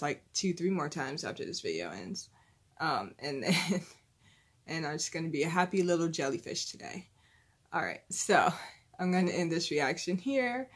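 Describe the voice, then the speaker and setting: Young female reaction vlogger, rambling and giggly, chatty fan energy. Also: on the low side. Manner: gushing, rambling, full of "like" and "you know"; fan talk about a singer, breaking into giggles. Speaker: reaction video host. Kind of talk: casual rambling reaction chat.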